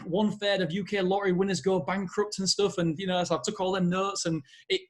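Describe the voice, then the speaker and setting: Fast-talking, high-voiced male podcast host. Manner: enthusiastic, motivational. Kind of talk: casual interview chat.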